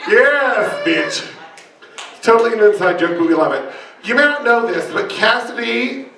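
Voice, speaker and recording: A man performing as a drag queen in a live roast, delivering bawdy insults with shouted punchlines. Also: extremely high pitch, lively intonation, moderate pace, gravelly, a little hiss or hum. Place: bar function room with live audience. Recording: echoey room, mic from a distance, loud crowd.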